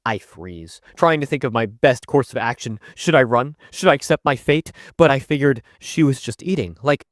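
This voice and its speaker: A man's voice: medium pitch, animated, moderate pace, hardly any pauses, dry recording, studio quality. A young man narrating a school story in a casual, joking, conversational way. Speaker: storytime YouTuber.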